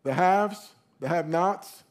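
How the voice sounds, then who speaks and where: A male pastor preaching a sermon, emphatic, slowing down and leaning on key phrases. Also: high voice.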